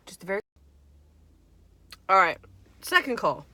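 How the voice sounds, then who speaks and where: A woman in her twenties telling a story on a vlog, animated and swearing freely, with lots of "like". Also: medium pitch, measured pace, no room sound. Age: 20s. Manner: animated, profane, heavy "like" filler. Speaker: vlogger. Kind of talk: storytime chat.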